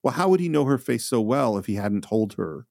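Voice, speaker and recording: A man's voice: mid-range voice, expressive, fairly quick, gravelly, darkish tone, dry recording, studio quality. A male podcast co-host in casual film discussion, recapping scenes and acting out lines.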